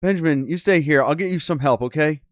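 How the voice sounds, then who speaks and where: A man's voice: fairly high pitch, fast, no echo, clean studio sound. Man reading a game story, swearing asides. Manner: crude, swearing asides, reacting with disbelief. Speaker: gaming channel host. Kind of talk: reading a game story aloud with casual commentary.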